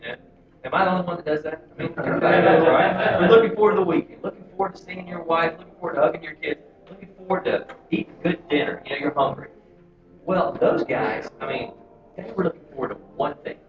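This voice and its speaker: A man in a men's Bible group sharing his thoughts casually, thinking out loud in a reflective way. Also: fairly high pitch, fast. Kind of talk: casual testimony. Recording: far-off echoey lo-fi room recording.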